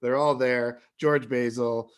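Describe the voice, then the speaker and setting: A man's voice: mid-range voice, fairly even intonation, clear, resonant tone. Casual male live-stream host. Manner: casual, friendly, hurried wrap-up.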